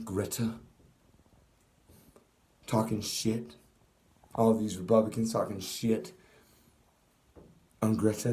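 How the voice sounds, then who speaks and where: A young man delivering an angry, profane political rant to camera, swearing constantly. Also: fairly low pitch. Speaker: vlogger. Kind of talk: ranting political monologue.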